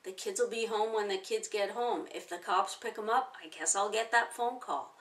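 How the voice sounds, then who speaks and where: A woman in her forties, a self-help teacher, calmly walking through a technique step by step with everyday examples. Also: medium pitch, moderate pace, distant mic. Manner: calm, explaining step by step with plain examples. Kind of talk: instructional talk to camera.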